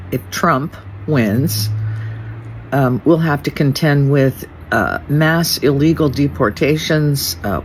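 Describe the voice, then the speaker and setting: A man speaking slowly in a halting, stumbling way, with many fillers, in a casual monologue. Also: a little high, a little hiss or hum, poor audio. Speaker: content creator.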